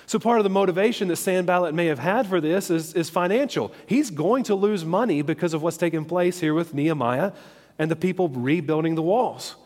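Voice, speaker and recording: A man's voice: sits high, brisk, a little mellow, in a large hall. A man teaching from a Bible chapter in a conversational sermon, often checking in with his listeners as he explains. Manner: conversational, checks in with "okay?" and "all right?". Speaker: preacher.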